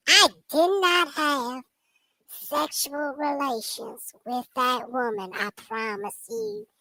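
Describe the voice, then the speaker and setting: A man voicing a squeaky male cartoon chipmunk as a comedic impression. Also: animated, slow pace, sharp tone, dry recording, heavily acted, poor audio. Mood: cheeky.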